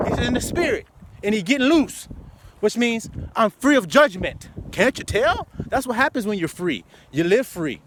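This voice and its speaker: A man preaching loosely and profanely outdoors, swinging from muttering to loud outbursts. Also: sits high, very animated, normal speed, slight background noise. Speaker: street preacher.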